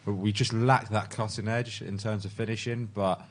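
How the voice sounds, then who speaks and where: A man co-hosting a casual football chat, relaxed and asking the others questions. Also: fairly low pitch, moderate pace, heavy background noise. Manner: relaxed, asks the panel questions. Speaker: co-host.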